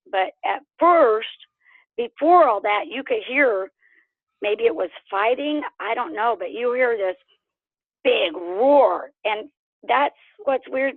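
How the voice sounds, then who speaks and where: Oklahoma lady telling her story on a tinny phone line, lively, laughs a lot, dry sound. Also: a little high, no room sound. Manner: animated, laughs often, acts out quotes. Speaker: interview guest. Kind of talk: casual storytelling.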